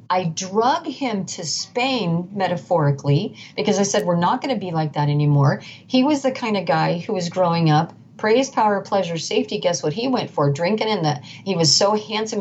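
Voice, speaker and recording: A middle-aged woman, a guest, telling her story earnestly and emphatically, often restarting and repeating phrases. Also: mid-range voice. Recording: dull lo-fi sound with faint noise.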